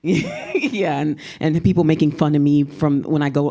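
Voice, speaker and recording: A woman's voice: sits low, sing-song, fairly quick, warm tone. A poet from San Antonio speaking with a Texan twang, a woman chatting on a panel in a rambling way and laughing often. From San Antonio, Texas. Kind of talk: casual panel talk.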